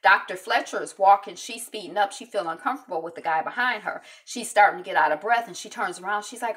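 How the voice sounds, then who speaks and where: A woman casually recapping a TV episode, with lots of ums and quick acted-out quotes from the scenes. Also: medium pitch, gravelly. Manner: chatty, many ums, acts out quotes in lively voices. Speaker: TV recap host.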